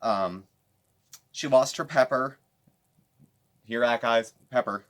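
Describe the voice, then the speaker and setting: A man hosting a casual commentary show, recapping another creator's videos with animated, sarcastic asides. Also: mid-range voice, slow pace. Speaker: commentary channel host.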